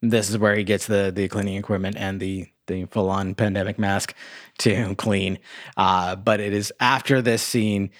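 A podcast co-host casually reviews a movie, recapping the plot haltingly with lots of "like," fillers, and restarts. His voice is fairly low with little pitch movement, in studio-quality audio with no room sound.

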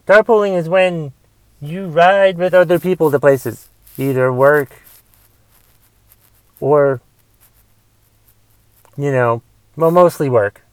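A young man rants on his own podcast, rambling and grumbling with plenty of restarts and the odd curse. His voice sits a touch high for a man and comes across smooth and resonant. The sound is close and dry, with no room around it. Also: no echo. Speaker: podcast host. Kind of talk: casual solo podcast rant.

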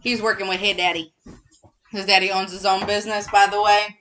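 A woman co-hosting a casual true-crime podcast from her couch at home, chatty and animated. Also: mid-range voice, a little fast, a crowd in the background. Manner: chatty, animated, laughs often. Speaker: podcast co-host. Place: home living room, on a couch.

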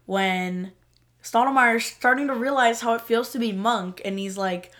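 A woman's voice: a little high, unhurried, a bit bright. A woman co-hosting a casual fan chat, giggling as she recalls favorite scenes. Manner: giggly, laughs between lines. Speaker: co-host.

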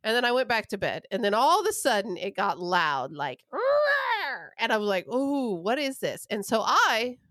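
A woman's voice: mid-range voice, sing-song, a little fast, few pauses, bright, forceful tone, no echo. A young adult woman telling a long, rambling, profane story in casual chat.

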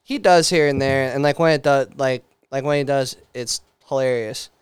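A man co-hosting a podcast, talking in loose crude slang and tacking "dude" onto nearly every sentence. His voice is very clear and crisp. It sounds dry and close, with no room sound. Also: medium pitch, steady tone, normal speed, no echo. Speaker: podcast co-host. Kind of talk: casual chat.

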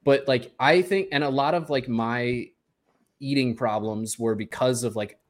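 Brief: male co-host, mid-pitched, open and reflective, loose conversational delivery. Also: a little slow. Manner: candid, rambling reflection. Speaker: podcast co-host. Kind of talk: casual chat.

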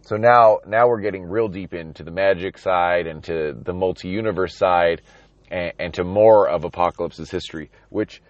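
A man with a very deep voice rambles casually about a comic issue, stopping often to restart his thoughts. The sound is dry and a little dull, with no room around it. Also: normal speed, no echo. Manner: rambling, many restarts and ums, reading passages aloud. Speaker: comic book reviewer. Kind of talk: casual comic book commentary.

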